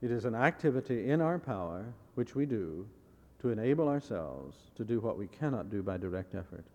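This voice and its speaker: A man preaching a sermon in a measured way, repeating key phrases and putting rhetorical questions to his listeners. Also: fairly low pitch, sing-song, a little mellow, in a large hall, dull audio. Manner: asks the audience rhetorical questions.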